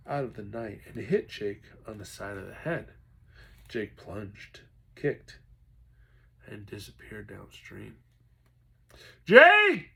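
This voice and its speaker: A man's voice: fairly low pitch, vocal fry, slightly rough. A man reading a children's novel aloud expressively, now and then talking to his listeners. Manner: expressive, stops to chat with listeners. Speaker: reader.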